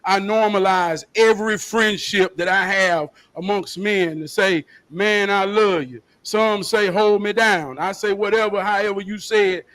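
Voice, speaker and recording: High-voiced man, earnest and motivational. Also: a bit bright. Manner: earnest, speaks in motivational slogans. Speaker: podcast guest. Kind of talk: casual chat.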